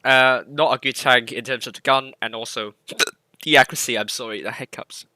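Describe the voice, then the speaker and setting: Male esports caster, very bright voice, dead dry close mic, loose rambling play-by-play. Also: mid-range voice, steady tone, brisk, dry recording. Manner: rambling, self-correcting play-by-play with hiccups. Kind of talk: live game commentary.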